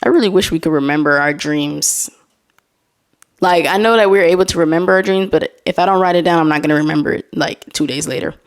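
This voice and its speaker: A woman's voice: low-pitched, brisk. Chatty woman hosting a casual solo podcast. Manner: chatty, reads posts aloud with laughing asides. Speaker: podcast host.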